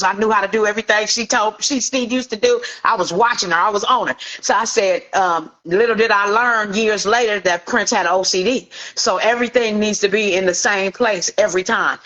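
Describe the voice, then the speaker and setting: A middle-aged woman from Inglewood, California, a celebrity hairstylist telling an animated story and acting out the voices of the people in it. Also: mid-range voice, muffled recording. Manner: acts out quoted voices, lively anecdotal.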